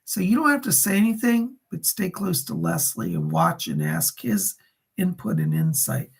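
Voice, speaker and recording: A man with a gravelly, raspy voice hosts live psychic readings. His pitch swings up and down as he relays spirit messages and thanks viewers by name. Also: huge pitch swings, normal speed. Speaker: psychic medium on a livestream.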